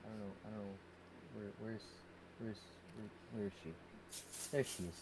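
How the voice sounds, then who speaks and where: A man's voice: on the low side, brisk, pauses often. Male guest, casual chat; loose, giggly, restarts words, light noise floor. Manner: laughs often, repeats words. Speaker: podcast guest, musician.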